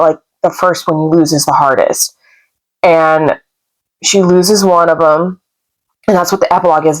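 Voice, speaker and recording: Young woman, slightly low voice, casual rambling book vlogger, emotional and chatty. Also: low-quality recording. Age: young adult. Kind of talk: casual reading vlog chat.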